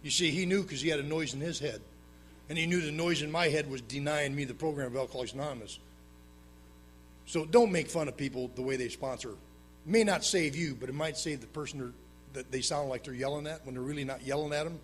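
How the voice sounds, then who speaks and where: At a meeting, a man recounts his own recovery story to a live audience, talking fast. He's plain-spoken and drily humorous, swinging from loud, emphatic bursts to low, hushed asides. There's slight background noise.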